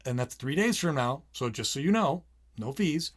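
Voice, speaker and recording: A middle-aged man co-hosting a casual parenting podcast, talking animatedly and acting out his kids' lines in quick quoted bits. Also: medium pitch, animated. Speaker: podcast co-host.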